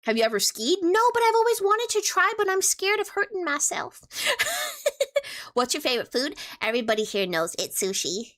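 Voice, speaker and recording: A woman's voice: sits high, sing-song, a little fast, few pauses, fairly bright tone. A young woman streamer chatting casually with her viewers, playful and teasing as she answers questions.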